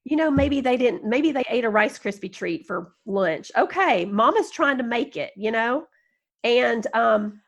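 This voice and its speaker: Woman podcast guest, higher voice, lively self-mocking storyteller, encouraging and upbeat. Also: a little slow. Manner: animated, self-mocking, laughs while telling stories. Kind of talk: casual storytelling interview.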